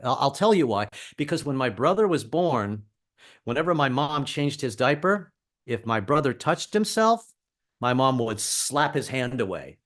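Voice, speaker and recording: A man's voice: medium pitch, sing-song, normal speed, fairly bright tone. Wry middle-aged male stand-up comic. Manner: wry and self-deprecating. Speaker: comedian. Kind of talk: stand-up comedy set.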